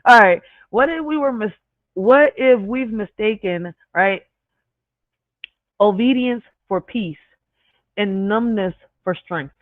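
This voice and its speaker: A woman's voice: mid-range voice, slow, long pauses, dry recording. A woman with an accent hosting her channel, talking casually to viewers, swearing freely and stumbling over and correcting words. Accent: speaks with an accent. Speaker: channel host. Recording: tinny phone-like dry recording.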